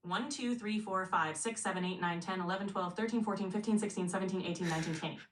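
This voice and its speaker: A woman's voice: mid-range voice, fast talker, slight background noise. A synthetic woman's voice answering as a friendly, polite voice assistant. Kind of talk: chatty voice assistant replies.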